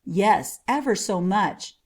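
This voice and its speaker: A woman's voice: mid-range voice, expressive, takes it slowly, darkish tone. A woman voicing a curious, earnest young boy who asks eager questions.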